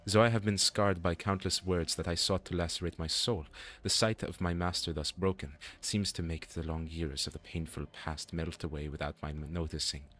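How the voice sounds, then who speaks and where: A man's voice: low-pitched, steady tone, moderate pace, few pauses, fairly bright tone. A man voicing a humble young male sword pupil with a put-on French accent, reading game dialogue aloud in formal, old-fashioned phrasing. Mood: solemn.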